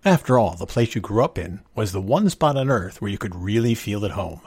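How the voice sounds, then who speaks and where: A man with a husky, middle-pitched voice reads a short story aloud, measured and expressive. His pitch moves in lively curves, and the sound is close and dry. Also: no echo.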